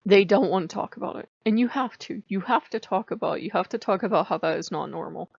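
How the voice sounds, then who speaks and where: A woman's voice: mid-range voice, fast talker, vocal fry, husky, no echo. A middle-aged woman vlogging about her own life, blunt and confessional, swearing freely as she tells her story. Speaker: spiritual vlogger. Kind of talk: candid personal storytelling. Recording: dull lo-fi home recording.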